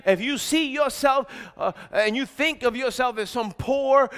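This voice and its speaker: A middle-aged man preaching a sermon, energetic and exhorting, calling out lines for the congregation to repeat and shouting emphatic points. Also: extremely high pitch, a little slow, hardly any pauses, clean tone. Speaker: pastor.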